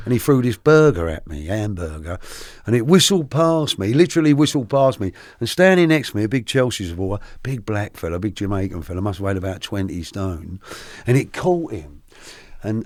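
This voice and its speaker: A middle-aged man, a podcast guest telling his life story candidly, animated and often restarting his sentences. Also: on the low side, no room sound. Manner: animated, halting with many restarts.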